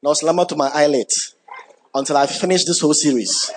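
A man preaching a sermon, emphatic, repeating key words and building up when excited. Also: a little high, fairly quick, very noisy.

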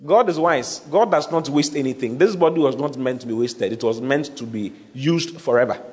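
A man's voice: mid-range voice, normal speed, soft background music. A man preaching a teaching sermon, repeating key phrases and checking that his listeners follow. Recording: long hall reverb.

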